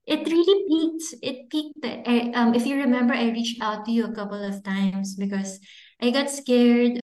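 A woman's voice: on the high side, normal speed, darkish tone. Chatty woman, echoey room. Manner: chatty, anecdotal, with frequent fillers and laughs. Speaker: guest, children's book author. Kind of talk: casual interview chat.

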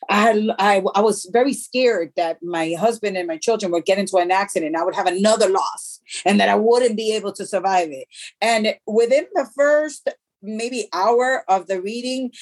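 A woman's voice: medium pitch, darkish tone. Earnest woman retelling a loss. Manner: earnest, halting, many restarts. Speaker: guest. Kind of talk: emotional personal interview.

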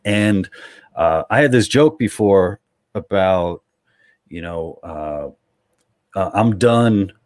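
A man's voice: deep voice, animated, takes it slowly, pauses often, darkish tone. A man from New York hosting a podcast, talking in casual chat with many hesitations and repeats. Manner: hesitant, many uhs and repeats, then punchy jokes. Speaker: podcast host.

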